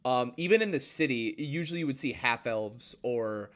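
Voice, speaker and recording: A man narrating a tabletop game as game master, halting and filling his pauses with "uh" and "um". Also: mid-range voice, expressive. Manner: halting, full of fillers and restarts.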